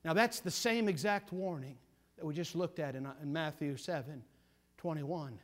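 A man preaching a sermon with fervent emphasis, repeating phrases and swinging between urgent force and hushed gravity. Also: on the high side, moderate pace.

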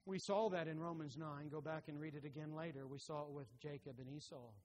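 A man preaching a sermon as pastor, who rises loud and high on emphatic lines and drops soft and low on tender ones, reading scripture aloud with growing force. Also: steady tone, a little fast, a little hiss or hum.

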